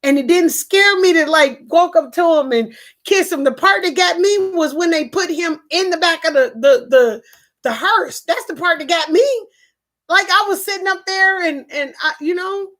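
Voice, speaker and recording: High-voiced woman telling a personal story. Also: normal speed, a bit bright. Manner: earnest, repetitive, restarts often. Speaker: live-stream host reading viewer comments. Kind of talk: emotional personal storytelling to a live chat.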